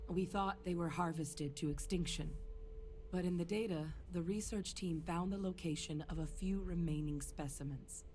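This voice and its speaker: An actress voicing a woman researcher in a video game, who explains a proposal in a measured way. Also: on the low side, mellow, slight background noise, close to an everyday voice. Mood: explaining. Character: woman researcher pitching a plan.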